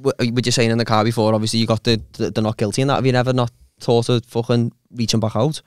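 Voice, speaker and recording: Smooth-voiced podcast host. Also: male voice, mid-range voice, little pitch movement, fast, no room sound, studio quality. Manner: eager listener, lots of "yeah, yeah, yeah" and laughs. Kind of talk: casual chat.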